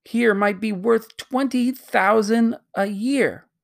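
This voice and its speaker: A man's voice: high-pitched, slow pace, creaky, voice pushed up, full character voice. A reader voicing a pompous, greedy man past sixty who gloats and schemes aloud in a storybook. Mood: scheming. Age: 60s.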